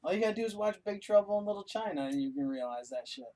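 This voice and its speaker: A man's voice: sits high, lively intonation, fast talker, warm tone. A man co-hosting a podcast in casual chat, mostly giving brief, laid-back agreeing replies. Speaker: podcast co-host.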